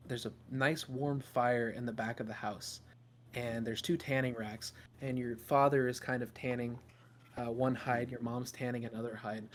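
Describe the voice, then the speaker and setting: A man's voice: medium pitch, slight background noise. Man improvising as game master. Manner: loose, improvised storytelling with fillers. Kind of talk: narrating a tabletop game.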